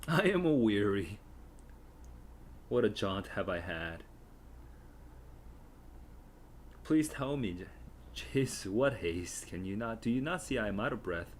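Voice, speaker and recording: A man's voice: lowish voice, sing-song, moderate pace, slight background noise. A man reading aloud as a weary, teasing old nurse who complains and stalls.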